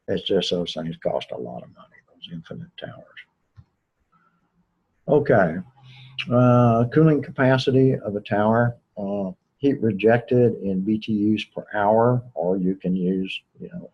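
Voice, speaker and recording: A man giving a recorded engineering lecture in a relaxed, conversational way, with many fillers and restarts. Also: sits low, husky, dull audio.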